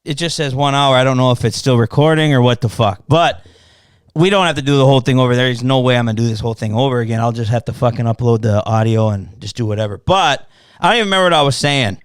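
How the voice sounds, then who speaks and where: A fast-talking man with a medium-pitched, clean voice hosts a podcast, telling a story casually, swearing often and acting out both sides of an argument with animated quoted exchanges. The sound is clean studio audio with no echo.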